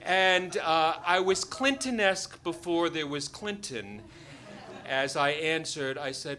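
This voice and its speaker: A man's voice: fairly high pitch, slow. A man telling a true story to an audience, joking and acting out the people in it. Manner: animated, joking, acts out the voices of the people in the story. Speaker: doctor telling a personal story. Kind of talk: live storytelling.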